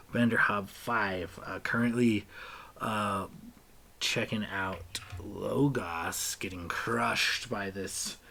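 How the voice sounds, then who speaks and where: A man narrating a tabletop game as game master, halting with many fillers. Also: medium pitch, a bit bright.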